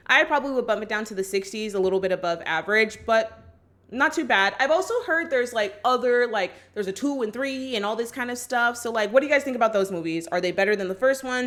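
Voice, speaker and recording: A woman's voice: on the high side, fairly bright tone. A woman vlogger chatting casually through a movie recap, with lots of "like" and "just like". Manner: chatty, full of "like" and "just like", acts out quotes.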